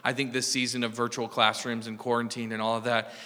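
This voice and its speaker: A man hosting a podcast in an encouraging, affirming tone. His voice is bright and crisp, and it has a long reverb around it. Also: mid-range voice, flat delivery, quick pace. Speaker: podcast host. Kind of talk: casual conversational podcast chat.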